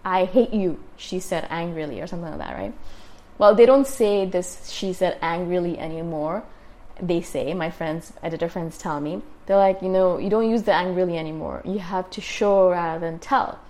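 Chatty woman rambling with fillers. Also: on the low side. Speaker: podcast host. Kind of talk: casual solo talk. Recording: solo podcast.

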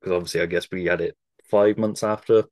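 A man in his thirties hosts a casual podcast chat in a lowish voice. He sounds relaxed and opinionated and swears casually. The recording is dry and close. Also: brisk, no echo. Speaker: podcast host.

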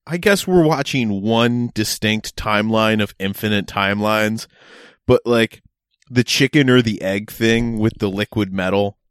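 A man's voice: lowish voice, a little slow, clean tone, dry recording, clean studio sound. A man in casual podcast chat, rambling and swearing, with many restarts.

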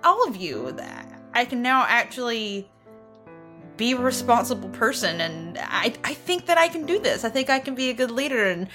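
A woman's voice: on the high side, animated, normal speed, close to an everyday voice. A woman voicing a warrior queen who halts and restarts through an earnest, heartfelt farewell. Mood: tender. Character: adventurer queen saying a tearful farewell. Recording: music playing underneath.

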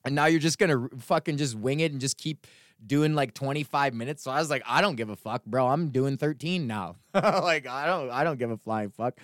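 A man's voice: mid-range voice, a little fast, no echo. Profane rambling man, dry close mic. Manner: profane, rambling storytelling with laughs. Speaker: podcast host. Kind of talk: casual rant.

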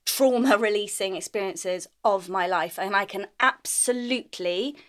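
A woman co-hosting a chatty podcast, her voice sitting at an ordinary middle pitch. She tells stories with lots of energy, breaks into laughter often, and acts out her own lines as she goes. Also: normal speed, fairly bright tone. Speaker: podcast co-host. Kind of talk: casual chat.

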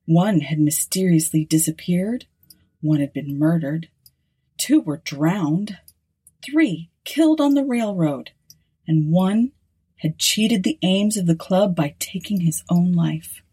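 A woman reads a story aloud with slow, deliberate pacing and a solemn tone. Her voice is low-pitched, dark and mellow, with a husky edge. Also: lively intonation, low-quality recording. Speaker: narrator. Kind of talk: storybook reading.

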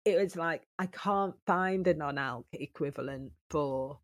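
A woman DJ chatting as a podcast guest, telling stories with lively asides. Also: low-pitched, a little slow, dry recording, clean studio sound. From United Kingdom. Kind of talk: casual chat.

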